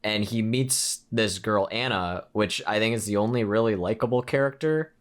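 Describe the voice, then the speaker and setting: A man's voice: lowish voice, normal speed. A man co-hosting a podcast, recapping a horror film in a rambling, casual way with lots of fillers and restarts. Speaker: podcast co-host. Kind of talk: casual movie review chat.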